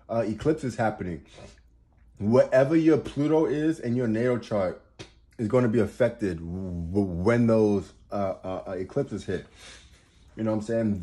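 In a low, mellow voice, a man delivers casual motivational astrology advice. He's emphatic, repeating and restarting words and swearing for emphasis, and he laughs as he gets worked up.

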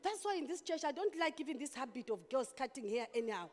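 A woman pastor delivering an impassioned sermon, with sudden loud outbursts. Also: high-pitched, big pitch swings, quick pace. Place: church hall. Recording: long hall reverb.

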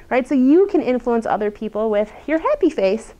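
A woman's voice: a little high, big pitch swings, brisk, warm tone. Chatty woman presenter, laughing often. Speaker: workshop presenter. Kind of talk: lunch-and-learn talk to a small group.

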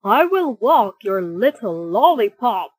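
A woman reading a children's picture book, voicing a soft-hearted male neighbor who calmly reassures his friend. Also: mid-range voice, slow pace, no echo, studio quality. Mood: reassuring.

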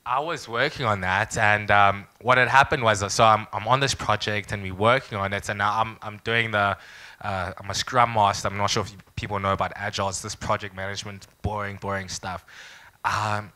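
A man's voice: fairly low pitch, brisk. Young South African man telling a story. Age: young adult. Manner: lively anecdotal storyteller, acts out quoted people. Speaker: startup founder speaker. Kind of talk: storytelling talk to an audience.

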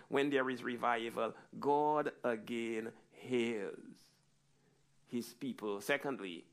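Male pastor, mid-pitched, sermon delivery with big swings from hushed to loud. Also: slow. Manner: preaching that swings from low and quiet to loud and high.

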